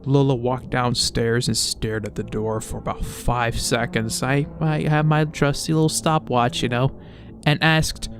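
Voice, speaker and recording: A man's voice: medium pitch, fairly even intonation, measured pace, soft background music. A man reading a story aloud with comedic commentary, exasperated, stammering and swearing as he reacts. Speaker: creepypasta reviewer.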